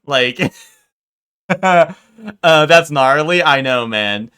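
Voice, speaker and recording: A young man chats casually on his live stream in a bright, tense voice. He wanders through his stories with plenty of fillers and cursing, and he keeps turning to talk to his viewers. His pitch sits in the ordinary middle range for a man. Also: a little slow, clean tone. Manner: rambling storytelling full of fillers and swearing; talks straight to his chat viewers.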